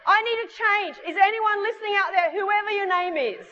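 A woman's voice: very high voice, steady tone, fairly quick, a bit bright, dull audio, a little hiss or hum, voice pushed up. A woman preacher voicing a young woman who is eager and tearful, desperate to change her life. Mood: pleading.

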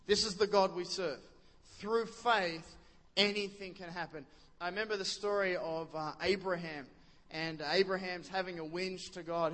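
A man's voice: high-pitched, a bit bright, in a large hall. A man preaching a sermon in a chatty way, often stopping to ask the congregation questions. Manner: conversational, quizzes the congregation, many restarts. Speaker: pastor.

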